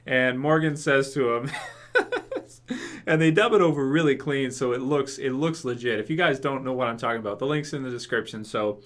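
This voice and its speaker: A man's voice: mid-range voice, normal speed. A young man from England rambling through a casual video review, laughing often and filling gaps with ums and uhs. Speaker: YouTube reaction host.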